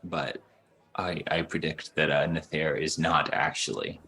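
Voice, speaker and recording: A man's voice: rumbling low, flat delivery, a little slow, bright, forceful tone. A man co-hosting a book podcast in casual, laid-back chat, thinking aloud and chuckling often.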